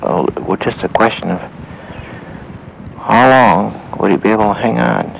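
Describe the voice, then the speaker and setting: Deep, gravelly-voiced male storyteller. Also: animated, a little hiss or hum, low-quality recording. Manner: halting, with pauses and restarts. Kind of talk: spoken Christian story for listeners.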